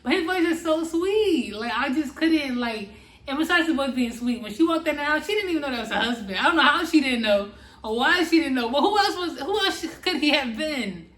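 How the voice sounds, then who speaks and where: A woman's voice: sits high, animated, a little fast, a bit bright. A woman co-hosting a casual reality-show recap, laughing often and talking straight to the viewers. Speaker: co-host of a couple's reaction channel. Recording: echoey room.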